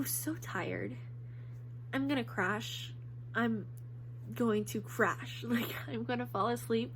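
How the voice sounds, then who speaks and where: A young woman speaking casually in a vlog, her voice sitting a bit on the high side. She rambles and vents openly, with plenty of "like" and "um". A faint hiss runs under the recording. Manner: candid, rambling, vents frustration with frequent fillers. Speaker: vlogger. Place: at home.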